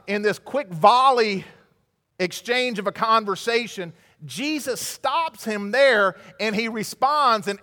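A man preaching a sermon in an emphatic manner, swinging from loud passages to hushed ones. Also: sits high. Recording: hall reverb.

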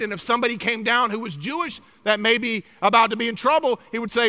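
A middle-aged male pastor preaching a sermon, emphatic and swinging from loud exclamations to hushed, grave lines. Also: very high voice, quick pace, hardly any pauses.

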